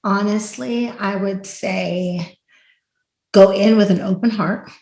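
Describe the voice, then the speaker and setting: A woman hosting a podcast in casual chat, telling stories in an animated way and acting out quotes loudly. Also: medium pitch, slow pace. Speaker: podcast host. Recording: roomy echo.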